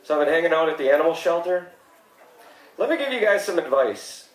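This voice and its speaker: A man in his thirties doing a stand-up comedy set, with deadpan one-liners and sudden mock-shocked outbursts. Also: on the high side, fairly quick, echoey room, low-quality recording. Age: 30s. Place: comedy club stage.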